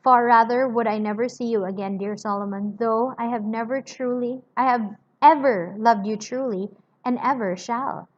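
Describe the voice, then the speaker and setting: A woman's voice: a little high, moderate pace, close to an everyday voice. A woman reading aloud as a devoted older sister who speaks in earnest, pleading tones, on a slightly muffled lo-fi recording. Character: Miss Pross, devoted emotional older sister.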